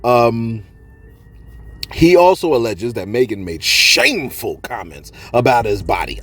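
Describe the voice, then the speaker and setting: A man's voice: medium pitch, normal speed, faint music behind. A man hosting a celebrity gossip show, joking through the news and talking straight to viewers. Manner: animated, jokey, talks straight to viewers, acts out quotes.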